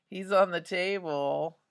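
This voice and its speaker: A woman art teacher talks students through a drawing demonstration, chatty and often checking in with "right?". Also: lowish voice.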